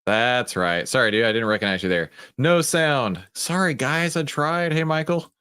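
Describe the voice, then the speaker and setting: A man's voice: medium pitch, expressive, normal speed, sharp tone, clear, resonant tone. A man with a Texan accent hosting a casual livestream, chatting and greeting viewers by name. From Texas. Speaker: livestream host.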